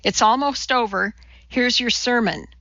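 A woman reading the part of a brisk, impatient female former coworker. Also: on the high side, bright, forceful tone, no echo, dull audio, voice pushed up.

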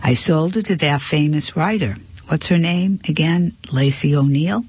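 A man voicing a fussy middle-aged male antique dealer who mutters and apologizes, in a husky voice on a dull, dry recording. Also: on the high side, moderate pace, a little mellow, no echo, voice pushed up. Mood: chatty.

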